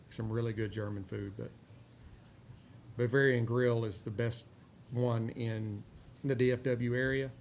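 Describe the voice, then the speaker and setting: A gravelly-voiced man chats casually while he reviews a cigar. He drawls and rambles, filling pauses with "uh." Faint noise hums under his voice. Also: medium pitch. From Texas. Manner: rambling, relaxed, many "uh" fillers. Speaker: host of a cigar and whiskey review show.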